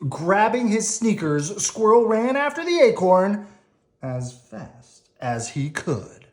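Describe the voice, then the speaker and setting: Slow, lively-voiced mother reading aloud. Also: medium pitch. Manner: playful, animated, chats with her child. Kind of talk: bedtime story read-aloud.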